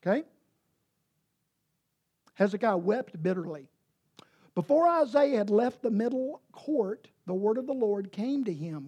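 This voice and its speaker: A woman preaching a sermon, retelling a scripture story and paraphrasing it in emphatic, lively bursts. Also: medium pitch, a little slow, pauses often, husky.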